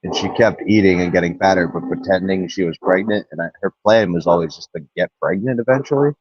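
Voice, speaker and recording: Deep-voiced dry-joking podcast co-host. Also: male voice, fast talker, dry recording. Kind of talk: casual comedic chat. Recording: dry, dull lo-fi sound.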